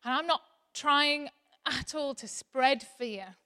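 A woman in her thirties delivering a sermon. Her high, bright voice carries a chatty, animated warmth at times and a soft earnestness at others. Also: slow pace. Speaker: preacher.

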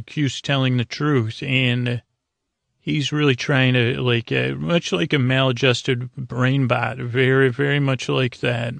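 A man with a heavily gravelly voice recaps a TV episode in a loose, rambling way. His delivery stays flat, and he keeps tripping over fillers and restarts. The sound is dry and close, with no room around it. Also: medium pitch, dry recording. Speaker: podcast host.

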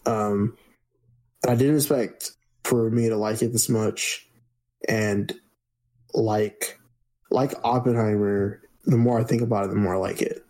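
A man's voice: fairly low pitch, unhurried, pauses often. A man co-hosting a podcast, chatting casually and somewhat hesitantly with frequent restarts. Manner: relaxed, hesitant with many restarts. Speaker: podcast co-host. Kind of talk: casual chat.

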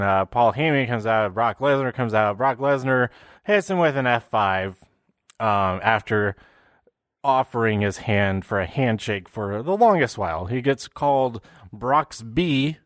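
A man's voice: on the low side, animated, measured pace, fairly bright tone, no room sound. Chatty man recapping, dry close sound. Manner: rambling, with frequent fillers and restarts; puts on silly voices for quotes. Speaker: wrestling recap host. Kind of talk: casual show recap.

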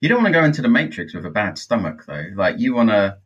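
Wry man with a husky voice. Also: on the low side, big pitch swings, fast, a bit bright, lo-fi sound. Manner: wry, teasing questioner. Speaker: podcast co-host. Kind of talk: casual chat.

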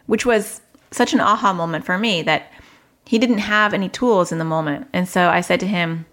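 A woman's voice: lowish voice, moderate pace, fairly bright tone. Candid woman telling a parenting story. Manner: frank, reflective, quotes herself in dialogue. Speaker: parenting podcaster.

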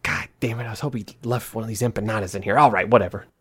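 A man's voice: fairly low pitch, rapid-fire, a bit bright, breathy edge. A man playing a tabletop game, hesitant, with many filler words. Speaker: player.

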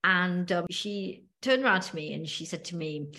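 A woman with a British accent and a lowish voice talks things through on a podcast. She tells her story in a measured, hesitant way, with plenty of ums along the way. She sounds middle-aged. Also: animated, sharp tone. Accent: British English. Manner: thoughtful, hesitant storytelling with many fillers. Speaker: podcast co-host. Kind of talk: casual podcast discussion.

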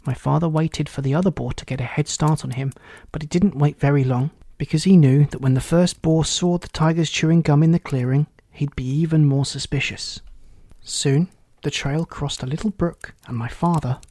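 A man narrating a children's storybook aloud in a steady, clear reading voice. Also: fairly high pitch, moderate pace, no room sound.

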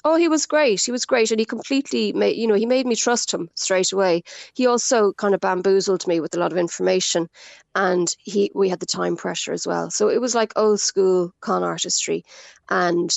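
Irish woman, radio guest, gravelly voice, dry close sound, animated storyteller. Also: mid-range voice, normal speed, no echo. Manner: animated storytelling, quotes others. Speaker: scam victim guest. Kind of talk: radio interview.

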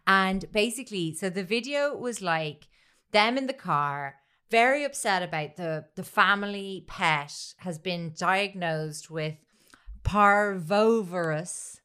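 A woman's voice: medium pitch, expressive, slow, a bit bright, clean tone. A woman co-hosting a podcast, telling a story in casual chat, laughing gleefully and acting out the people she quotes. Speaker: podcast co-host.

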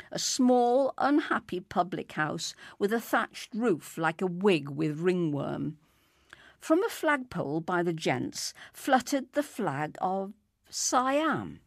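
A woman reads a story aloud at a slow, even pace. Her pitch rises and falls a great deal. The voice is close and dry, with no room sound. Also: dry recording. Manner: expressive, unhurried.

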